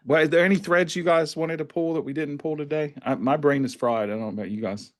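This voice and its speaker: A man hosting a podcast, talking in a relaxed, chatty way with frequent restarts. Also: fairly high pitch, fast. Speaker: podcast host. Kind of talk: casual podcast conversation.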